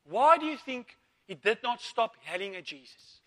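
A man's voice: very high voice, animated, moderate pace, fairly bright tone. A man preaching a sermon, asking rhetorical questions, calling for amens and repeating words as he goes. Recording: long reverb of a church hall.

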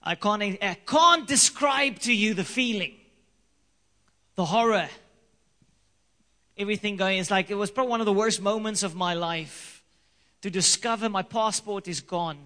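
A man preaches to his church in a high, bright register, telling a story with lively energy. He circles back to his key lines again and again for emphasis. His voice rings out in the long reverb of a hall. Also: moderate pace, pauses often. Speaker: pastor. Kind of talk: sermon.

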